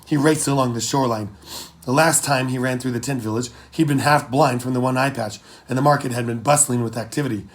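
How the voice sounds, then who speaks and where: A man narrates an adventure story in a gravelly, mid-pitched voice. His delivery is steady and measured, as in an audiobook. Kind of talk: scripted narration.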